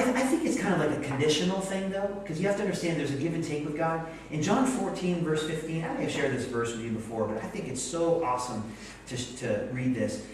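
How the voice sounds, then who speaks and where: Guy in his 40s preaching a sermon, bouncy animated voice, acts out quotes, big echoey church mic from far off. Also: on the high side, a little hiss or hum. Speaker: pastor. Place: church sanctuary.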